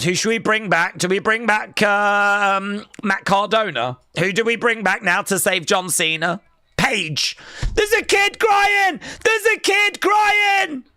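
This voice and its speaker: A man's voice: high-pitched, lively intonation, measured pace, bright, forceful tone, no room sound, clean studio sound. A man hosting a live wrestling watch-along with teasing, sarcastic play-by-play. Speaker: live stream host.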